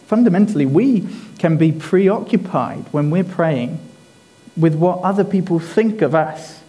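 A male preacher delivering a sermon at an unhurried pace. His voice sits a little high for a man but has a soft, mellow tone. He leans on key phrases and repeats them for emphasis. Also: lively intonation, poor audio.

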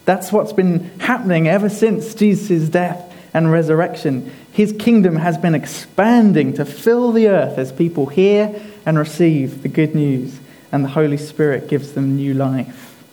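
A male preacher delivering a sermon at an unhurried pace. His voice sits a little high for a man but has a soft, mellow tone. He leans on key phrases and repeats them for emphasis. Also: poor audio.

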